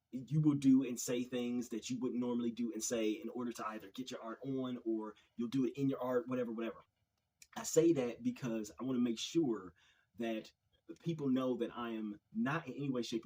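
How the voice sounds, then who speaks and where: Husky-voiced man, halting opinion commentary. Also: medium pitch, darkish tone, low-quality recording. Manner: hesitant, repeats words, frequent sighs. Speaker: video commentary host.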